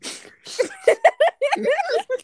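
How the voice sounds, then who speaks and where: A woman's voice: a little high, moderate pace, dry recording, lightly acted. A woman doing a chatty Southern mom. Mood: gossipy. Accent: put-on US Southern. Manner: chatty, gossipy drawl. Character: proud Southern mom of five, chatty and folksy. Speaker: podcast co-host.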